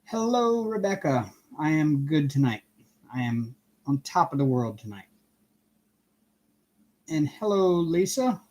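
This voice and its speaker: A man's voice: on the high side, very animated, measured pace, pauses often, a little mellow. A man hosting a casual live stream from home, cheerfully greeting viewers one by one by name while he works on a craft project. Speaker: livestream host.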